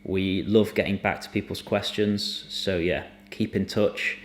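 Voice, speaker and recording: A man teaching somatic emotional release in a gentle, earnest, unhurried way, sometimes dropping almost to a whisper. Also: low voice, steady tone, a little hiss or hum. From United Kingdom. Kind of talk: reflective spoken teaching to camera.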